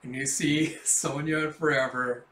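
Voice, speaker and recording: A man's voice: on the high side, fairly even intonation, unhurried, a bit bright. A man casually reading a comic book aloud, with swearing and laughing asides. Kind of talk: casual comic readthrough narration. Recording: roomy echo.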